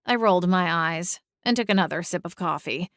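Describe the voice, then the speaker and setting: Smooth-voiced woman narrating an audiobook. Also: on the low side, fairly quick, no room sound. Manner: expressive, exasperated in dialogue. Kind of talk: first-person audiobook narration.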